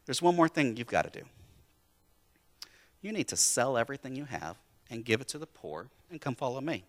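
A man's voice: mid-range voice, big pitch swings, fairly quick. A preacher voicing a plain-spoken male teacher. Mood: gentle. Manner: matter-of-fact, listing rules.

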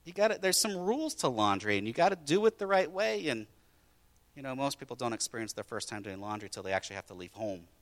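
A man preaching a sermon as a pastor, telling stories in a lively way that swings between loud and quiet. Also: mid-range voice, fast.

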